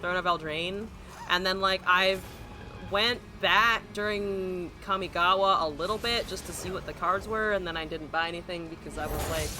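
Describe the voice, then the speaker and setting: A woman with a lowish voice at normal speed livestreams a card game, narrating her plays. She's exasperated and profane, ranting about her opponents with heavy swearing.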